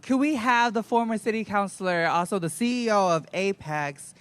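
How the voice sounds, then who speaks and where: An emcee briskly calls speakers up at an outdoor event, keeping things moving. His voice is high and smoothly clear. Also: a bit bright, no room sound. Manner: brisk, calling speakers up to the stage.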